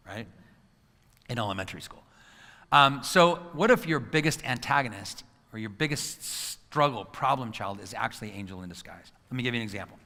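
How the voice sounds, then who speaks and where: A middle-aged man gives a lively motivational talk. He acts out scenes from his story and keeps asking the audience questions. His voice is bright and forceful, and it rings through a large hall with a long reverb. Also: mid-range voice, brisk, vocal fry. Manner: animated storytelling, acting out scenes, quizzing the audience. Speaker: motivational speaker and coach.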